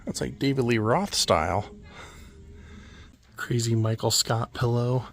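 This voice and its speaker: A man vlogging as he walks through an indoor antique mall, making relaxed offhand remarks and chuckling at the finds. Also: medium pitch, measured pace, gravelly, a little hiss or hum. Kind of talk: casual walkthrough commentary.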